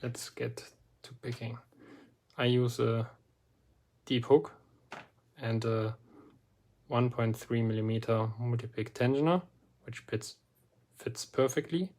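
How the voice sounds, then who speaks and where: Slow, deliberate man explaining a lock. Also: mid-range voice, steady tone, a little mellow, a little hiss or hum. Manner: slow and deliberate, pauses often between phrases. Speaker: lock picking hobbyist presenting a lock. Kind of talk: relaxed instructional walkthrough.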